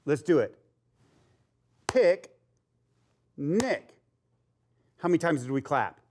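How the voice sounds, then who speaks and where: A man's voice: medium pitch, expressive, a little mellow, a little hiss or hum. A man teaching a phonics lesson to young children, sounding out letters and cheering them on. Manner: slow, sounding out letters, upbeat and encouraging.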